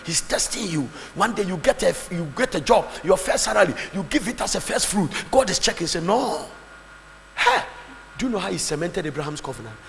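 Pastor, fervent pulpit sermon, highly animated pitch, faint background noise. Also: male voice, brisk, gravelly. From Ghana. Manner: fervent preaching, swings between shouting and low asides. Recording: long hall reverb, faint background noise.

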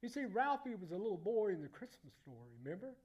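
High-voiced man preaching a lively sermon. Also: fast talker, muffled recording. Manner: emphatic, repetitive, building to loud exclamations. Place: church.

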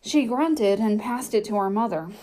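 A woman narrating a children's novel audiobook at a measured storytelling pace. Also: a little high, lively intonation, darkish tone.

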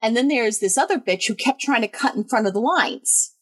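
A woman's voice: on the high side, fairly quick, breathy edge. A woman recounts a night out in easy, casual chat, peppering her story with swearing and laughter. The sound is close and dry, with no room echo. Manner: animated, swears freely, laughs mid-story.

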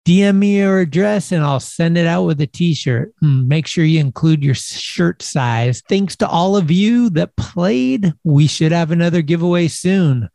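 A man's voice: on the high side, animated, measured pace, gravelly, few pauses, mellow, dry recording. A man hosting a podcast in a laid-back, casual way, full of skater slang and swearing. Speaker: podcast host. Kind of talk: casual chat.

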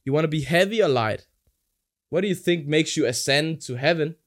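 A man talking in a loose, rambling way, mixing crude stories with preaching about forgiveness. His voice sits a little high for a man. He acts out other people's voices as he goes. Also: brisk. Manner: crude, preachy, digressive storytelling; animated, acts out quoted voices. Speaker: podcast guest, older brother. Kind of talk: casual rambling chat.

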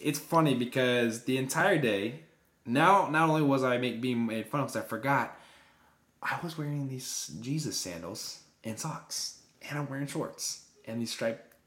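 A young man, a German native speaker, co-hosting a podcast and telling stories in a casual, animated way. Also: unhurried, reverberant. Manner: animated storyteller who acts out quotes with big pitch jumps. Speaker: podcast co-host. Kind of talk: casual storytelling chat.

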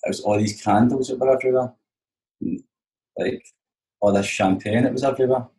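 A man's voice: mid-range voice, fairly even intonation, brisk, mellow. A Scottish man, a touring musician, telling stories in casual, rambling, sweary chat, often saying "you know what I mean". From Scotland. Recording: roomy echo.

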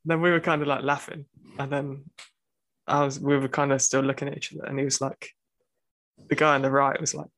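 A man's voice: medium pitch, little pitch movement, a little fast, fairly bright tone, dry recording. A young man, a university student, telling a rambling story in casual chat, full of fillers and restarts.

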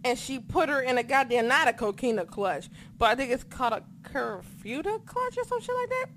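A woman with a fairly high voice tells stories in a casual chat from home. She talks in an excitable, foul-mouthed way. Faint background noise sits under her voice. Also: brisk. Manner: profane, excitable, animated storytelling. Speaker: podcast co-host recapping wrestling. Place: home apartment.

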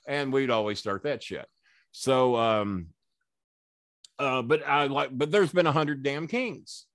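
A man who used to manage wrestlers swaps stories as a podcast guest, swearing freely and performing the voices of the people he quotes. His voice sits in the middle range and moves at a measured pace. The studio recording is clean, with no echo.

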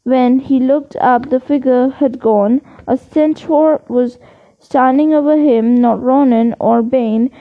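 A woman reading a novel aloud in an unhurried way, with small slips and restarts. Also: sits high, phone-quality sound. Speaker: reader.

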